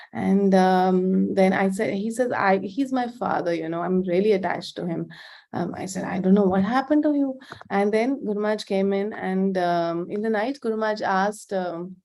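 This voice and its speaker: A woman's voice: medium pitch, creaky, warm tone. A middle-aged woman from India shares a personal testimony in a heartfelt, hesitant way. She stops often and fills the gaps with ums and uhs. Her voice sits in the middle of the usual range for a woman. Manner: hesitant, many fillers, heartfelt. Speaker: devotee giving a talk.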